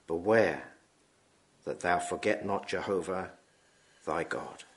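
A man's voice: low voice, very animated, a little hiss or hum. Solemn man reading scripture. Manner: slow, solemn reading with throat-clearing. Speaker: preacher.

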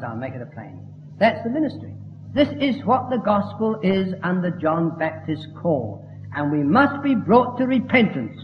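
Man, preaching, emphatic and fervent, fairly high voice, echoey hall, dull lo-fi recording. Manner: emphatic, rising to fervent declamation. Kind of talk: sermon.

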